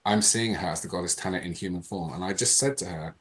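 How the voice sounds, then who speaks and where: A man, a podcast guest, telling a personal story in a lively, animated way. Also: deep voice, fast. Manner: animated, reenacts dialogue in changing voices. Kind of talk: casual storytelling.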